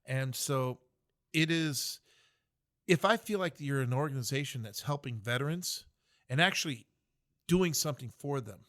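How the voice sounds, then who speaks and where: A man's voice: medium pitch, animated, moderate pace, long pauses, a bit bright. A man in his fifties from the United States, a military veteran, speaking earnestly and reflectively as a podcast guest. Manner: earnest, reflective, many fillers and restarts. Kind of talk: podcast interview.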